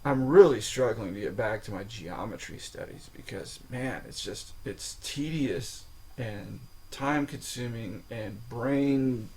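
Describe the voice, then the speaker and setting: A man's voice: medium pitch, slow pace, darkish tone, a little hiss or hum, rough recording. A man hosting a solo podcast, talking informally, swearing now and then and checking in with the listener with "okay?". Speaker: podcast host. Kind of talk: casual solo podcast talk.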